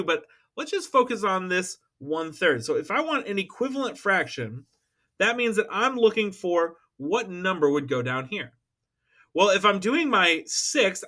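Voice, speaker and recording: A man's voice: high-pitched, pushed and bright. A man teaching a math lesson, upbeat and chatty, checking in with students as he works through problems. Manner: upbeat, talks to students, checks with "all right?".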